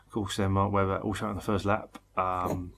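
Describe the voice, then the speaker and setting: A tired man co-hosts a casual chat, his voice low and gravelly. He rambles wryly and laughs often. A faint hiss sits under the recording. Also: little pitch movement, fairly quick, a bit bright. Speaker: podcast co-host. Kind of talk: casual chat about motor racing.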